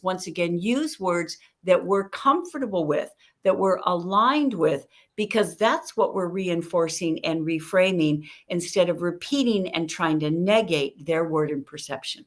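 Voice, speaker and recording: Middle-aged lady explaining talk tips, lively, plays out both voices in quick back and forth. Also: fairly low pitch. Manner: lively, acts out both sides of conversations. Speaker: guest communication expert. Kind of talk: animated teaching with acted-out dialogue.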